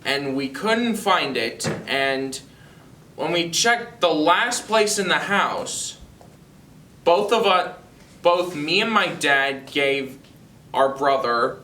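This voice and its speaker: Slow, bright-voiced teen boy storyteller. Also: fairly high pitch, expressive, roomy sound, far from the mic. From North Carolina. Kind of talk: personal anecdote told to camera.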